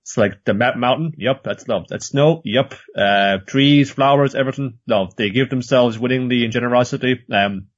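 Husky man in casual chat, dull sound. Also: medium pitch, moderate pace, few pauses. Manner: rambling, swears freely, acts out scenes in voices. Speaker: podcast co-host.

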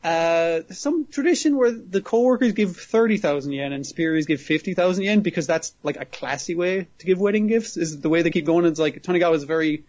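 A man's voice: on the high side, brisk, hardly any pauses, a little mellow. A man casually recapping a show episode as a podcast host, rambling, laughing often and swearing freely. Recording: muffled lo-fi audio.

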